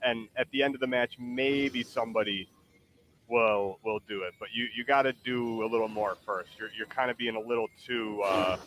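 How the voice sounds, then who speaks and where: A man's voice: medium pitch, moderate pace, fairly bright tone, a little hiss or hum. A man streaming a game, chatting casually in a rambling, hesitant, playful way. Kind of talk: casual chat while gaming.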